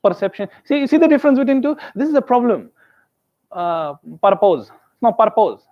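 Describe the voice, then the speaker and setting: A higher-voiced man leads a classroom lesson, repeating words over and over and slipping in joking asides. The recording has a dull, slightly lo-fi sound. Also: very animated, a little fast. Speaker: pronunciation teacher. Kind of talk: classroom teaching, mixing English and Hindi.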